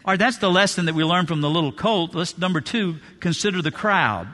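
A man preaches from the pulpit, hammering his points home through repetition. His voice sits high and bright. The sound rings with the long reverb of a large hall. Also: expressive, brisk. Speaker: pastor. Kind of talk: sermon. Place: church sanctuary.

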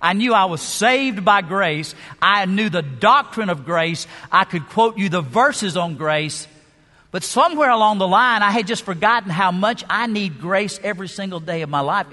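A man's voice: sits high, sharp tone. A man preaching a sermon as pastor, emphatic, with rhetorical questions and shifting pace. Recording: long hall reverb.

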